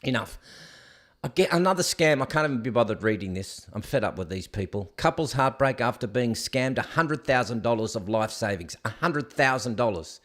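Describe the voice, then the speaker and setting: A man's voice: medium pitch, animated, brisk, fairly bright tone. A man hosting a solo commentary show, reading news items aloud and mocking them in a sarcastic, ranting way. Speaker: host.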